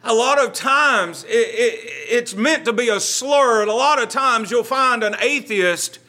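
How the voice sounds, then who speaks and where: A man's voice: very high voice, measured pace, bright, forceful tone. A man, a pastor leading a Bible study, speaking earnestly and conversationally, often repeating words as he gathers his thoughts.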